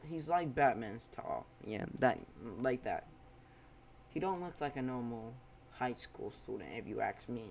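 A man's voice: mid-range voice, expressive, a little slow, vocal fry, a little hiss or hum. A man casually narrating a fan story, rambling with offhand asides.

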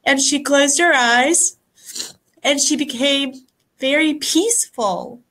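A woman speaks slowly and softly over a video call, her voice high and bright. She is emotional and near tears, stopping and restarting as she tells her story. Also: rough recording. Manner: soft, halting, pausing often. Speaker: guest. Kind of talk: emotional personal account.

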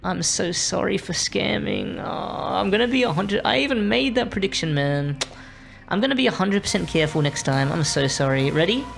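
A woman's voice: mid-range voice, big pitch swings, fairly quick, creaky, soft background music. A young Australian woman streaming a game, chatting to her viewers in a rambling, apologetic way. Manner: rambling, apologetic, talking to chat while playing. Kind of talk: casual live-stream chat.

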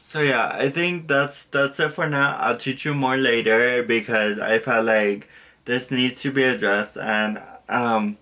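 Bright-voiced young man, rambling tutor. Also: medium pitch, fairly even intonation, unhurried. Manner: rambling, self-correcting, lots of fillers and apologies. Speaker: language tutor. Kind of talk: casual spoken lesson.

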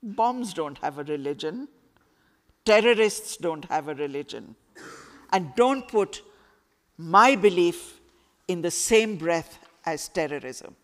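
An earnest teenage boy, voiced by a woman reading her story aloud, low-voiced and firm, drawing each word out slowly. The sound rings through a hall with a long, trailing reverb. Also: animated.

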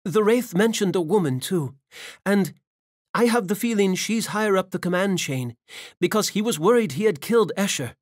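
Guy doing a fierce young assassin woman in an audiobook, urgent, pitched way up. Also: animated, moderate pace, darkish tone, dry recording, studio quality, close to an everyday voice. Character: young female assassin, fierce, guilt-stricken. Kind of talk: audiobook character voice.

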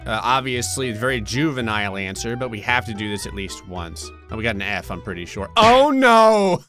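A man giving comedic gameplay commentary, making wry jokes with sudden high-pitched outbursts. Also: a little fast, hardly any pauses, sharp tone, soft background music. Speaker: gaming channel host.

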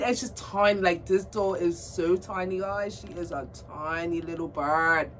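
A woman vlogging about her doll collection in a casual unboxing chat, gushing and excitable, cooing at a doll in baby talk. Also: lowish voice, slow. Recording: distant mic with faint background noise.

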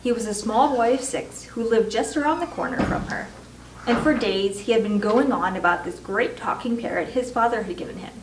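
Woman reader, children's book read-aloud, measured; roomy, distant mic, faint hiss. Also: on the high side. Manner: measured, slows for emphasis. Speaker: volunteer reader.

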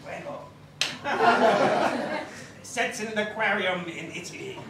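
A man's voice: sits high, measured pace, creaky, pushed and bright, slight background noise. Mock-pompous man hosting improv. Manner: pompous mock-formal, playful. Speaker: improv performer. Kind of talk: improv comedy banter. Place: comedy club stage. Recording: echoey live club from far off.

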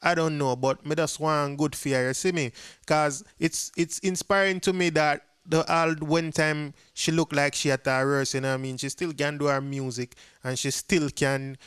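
A man's voice: fairly high pitch, fairly even intonation, normal speed, fairly bright tone, smooth, dry recording, studio quality. A man with a Jamaican accent giving a casual commentary to viewers, chatty and mixing patois with English. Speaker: dancehall gossip vlogger.

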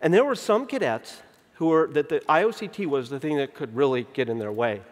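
A man in his fifties giving a conference keynote. He tells stories in an animated way, acts out the dialogue, and slows down to stress key points. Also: a little high. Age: 50s. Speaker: keynote speaker. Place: large conference venue. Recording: long reverb of a big hall.

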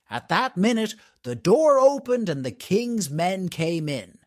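Male narrator, storybook for learners, slow clear reading, lively intonation, dry close sound. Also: high-pitched, dry recording.

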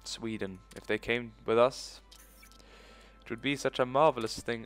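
A man's voice: medium pitch, steady tone, moderate pace, faint music behind. A man giving casual let's-play commentary, thinking aloud in a loose, profane way. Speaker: gaming video host.

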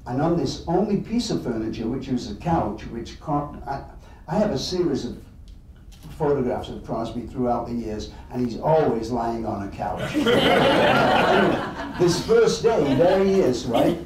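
An English man from England telling anecdotes to an audience in an animated, chuckling way. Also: fairly high pitch, heavy reverb, far from the mic, slight background noise, rough recording. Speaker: guest storyteller.

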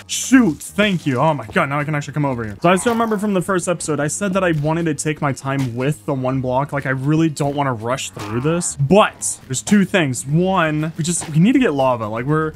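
A young man giving excitable, jokey commentary while playing a block-building game, full of exclamations. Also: a little high. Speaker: Minecraft YouTuber. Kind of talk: gameplay commentary.

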